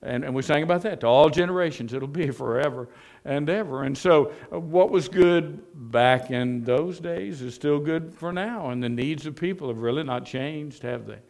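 A man's voice: on the high side, moderate pace, vocal fry, a little mellow. A male pastor preaching a sermon in a conversational way, often asking the congregation rhetorical questions.

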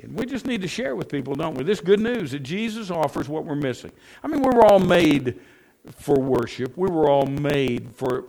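Gravelly-voiced man preaching a sermon. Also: medium pitch, darkish tone. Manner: earnest storytelling preacher, rising and dropping emphasis.

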